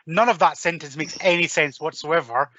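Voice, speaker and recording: Podcast dude, bit higher bright voice, jokey and teasing, muffled dry audio. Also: male voice, moderate pace, no echo. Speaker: podcast co-host. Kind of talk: casual chat reviewing a film.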